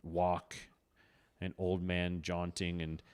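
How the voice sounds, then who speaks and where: Male podcast co-host, lower voice, loose rambling chatter. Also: completely flat delivery, slow, clean tone. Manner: rambling, many "like"s and restarts. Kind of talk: casual comedic chat.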